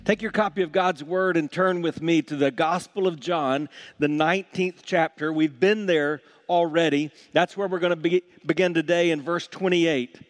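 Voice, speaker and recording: A man preaching a sermon as pastor, swinging from loud emphasis to hushed quiet and slowing down to stress key words. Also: fairly high pitch, steady tone, faint music behind.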